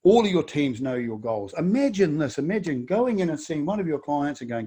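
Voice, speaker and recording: A man's voice: a little high, lively intonation, normal speed, hardly any pauses, warm tone, slightly rough. Emphatic New Zealand man coaching. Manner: emphatic, repeats words and fires off rhetorical questions. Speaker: business coach. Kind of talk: webinar presentation.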